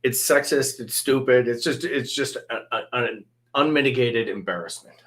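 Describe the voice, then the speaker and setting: Male trial lawyer from Northern Michigan, guest in a casual chat, emphatic, halting, repeats words. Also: mid-range voice, fairly bright tone. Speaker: guest, litigation attorney. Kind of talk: casual chat over drinks.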